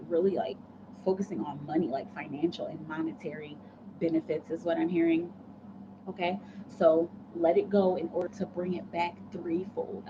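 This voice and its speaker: A woman giving a live tarot reading in a chatty, rambling way with many fillers. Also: lowish voice. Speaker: tarot reader. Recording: dull lo-fi sound with background noise.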